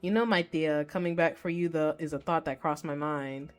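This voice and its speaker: Woman reading as a cool male shadow monster, formal and measured, lowish voice, faint music behind. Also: fairly even intonation, close to an everyday voice. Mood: aloof.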